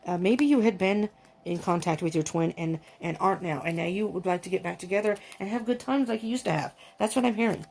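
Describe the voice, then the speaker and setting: A woman doing a tarot reading, talking in a gushing, excitable way, often breaking off with exclamations and restarting her sentences. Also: on the low side, quick pace, creaky, faint music behind. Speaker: tarot reader.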